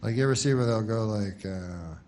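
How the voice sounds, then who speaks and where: Deadpan rambling male stand-up comic. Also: on the low side, brisk. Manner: deadpan, rambling, many asides and put-on voices. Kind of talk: stand-up comedy set.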